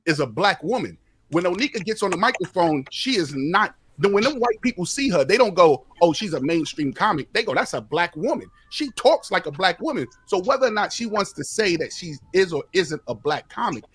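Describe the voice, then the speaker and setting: Animated husky man debating. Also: a little high. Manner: lively, emphatic, slips into impressions. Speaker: comedian on a call-in panel.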